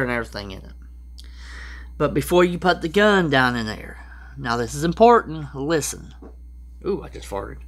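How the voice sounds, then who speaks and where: A man with a drawl talks slowly through prepper advice in an easygoing, rambling way. His pitch sits in an ordinary middle range, and he keeps stopping to restart or tack on an aside. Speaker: prepper vlogger. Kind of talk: casual rambling how-to talk.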